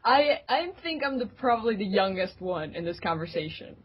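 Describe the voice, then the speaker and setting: A young woman chats as a podcast guest, giggling often and slipping into playful voices as she tells a story. Her voice is a little husky, and the lo-fi recording sounds dull. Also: mid-range voice, animated, moderate pace. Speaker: guest, fan site staff member. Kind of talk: casual podcast chat. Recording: dull lo-fi remote audio.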